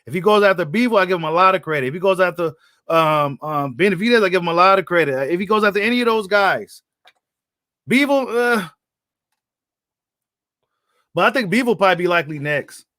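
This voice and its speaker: A man's voice: high-pitched, quick pace, bright, forceful tone, no echo, studio quality. A man hosting a casual live stream about boxing, talking in a blunt, slangy way and often repeating his points. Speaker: boxing commentator host.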